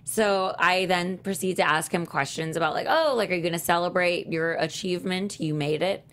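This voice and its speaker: Woman podcast cohost, kinda low voice, telling stories and acting out texts. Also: moderate pace. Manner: animated storyteller, acts out texts in quotes. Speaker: podcast co-host. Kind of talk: casual chat and storytelling.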